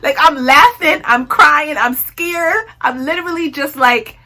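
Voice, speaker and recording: A woman's voice: sits high, unhurried, pushed and bright. A young woman telling a personal story in a casual storytime vlog, laughing often and acting out what people said. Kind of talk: casual storytime while tweezing.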